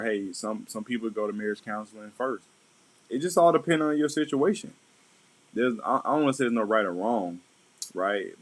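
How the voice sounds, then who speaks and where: A man's voice: on the low side, a bit bright, poor audio. A middle-aged man, talking through marriage advice in a loose, conversational way and often checking in with "right?". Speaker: vlog host. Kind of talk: casual advice talk.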